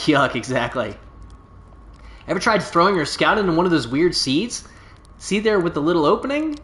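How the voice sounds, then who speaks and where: A man's voice: a little high, fairly bright tone. A man voicing a boastful, laid-back stranded alien pilot from a video game, telling his tale in a folksy, drawling way. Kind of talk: reading game dialogue aloud. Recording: roomy echo.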